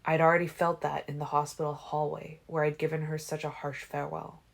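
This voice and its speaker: A woman reading a fan-made audiobook in a measured, quiet storytelling manner. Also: deep voice, monotone, creaky. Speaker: audiobook reader.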